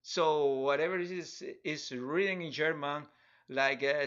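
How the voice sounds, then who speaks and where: A man's voice: on the high side, measured pace, a bit bright. A middle-aged man with a Spanish accent, chatting casually and rambling with chuckles while streaming a drawing tutorial. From Spanish-speaking country. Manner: rambling, chuckling, many restarts and fillers. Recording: dull lo-fi live-stream audio.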